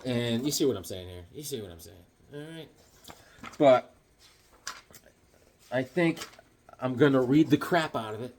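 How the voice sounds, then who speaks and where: A little hiss or hum sits under this mid-range male voice, which is a little slow with long pauses. He casually tells a childhood story, shows his comics, and animatedly performs yelps and other voices mid-story.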